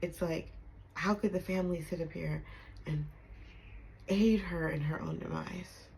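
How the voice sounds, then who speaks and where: A woman in her thirties, a homeschooling mother, telling a personal story in candid, emphatic talk that drops soft when she reflects. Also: lowish voice, steady tone, measured pace, vocal fry, a little hiss or hum, rough recording. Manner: emphatic, punctuates with "okay?" and laughs. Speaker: storytime vlogger.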